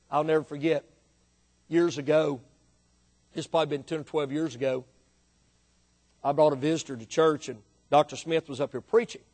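A man preaching a sermon, emphatic, swinging from quiet explanation to loud drawn-out emphasis. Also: a little high. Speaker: pastor.

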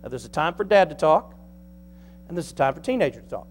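A man preaching a sermon in a folksy, animated way, swinging between soft asides and loud emphasis. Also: a little high, fast talker, a little hiss or hum. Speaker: pastor.

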